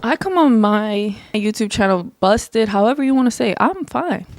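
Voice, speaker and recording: A young woman talking on her own show with a loud voice that carries, blunt and emphatic, words piling up fast. Her pitch sits in an ordinary middle range. The sound is dry and close, with no room around her. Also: no echo. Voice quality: naturally loud voice that projects. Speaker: podcast host. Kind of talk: casual solo chat.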